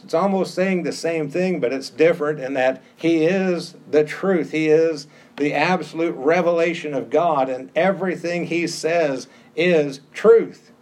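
A man's voice: on the high side, a little slow, hardly any pauses, darkish tone. A middle-aged pastor delivers a sermon in a slightly raised voice. He drives home each point by repeating short phrases with emphasis.

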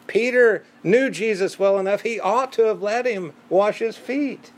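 A man's voice: high voice, normal speed, few pauses. A man preaching a sermon in an emphatic, conversational way, repeating words for stress.

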